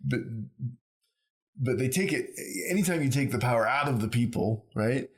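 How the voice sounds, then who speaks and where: A man co-hosting a podcast, rambling through ideas in casual conversation and telling stories with lively acted-out quotes. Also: mid-range voice, normal speed, husky. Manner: rambling, animated storyteller who acts out quotes. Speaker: podcast co-host.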